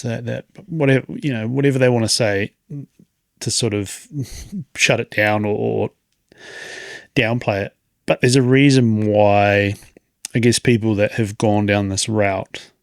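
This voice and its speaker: A man in his late thirties with a mid-range voice and a gravelly, creaky texture. He hosts a podcast, rambling and reflecting as he talks, and often breaks off with a chuckle. The sound is close and dry. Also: mid-range voice, no echo. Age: 30s. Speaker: podcast host. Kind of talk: casual podcast monologue.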